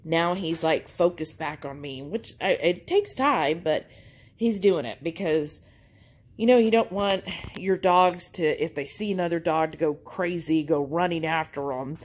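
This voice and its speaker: A woman vlogger chatting casually to camera in an animated, storytelling way. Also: low-pitched, a little slow, low-quality recording.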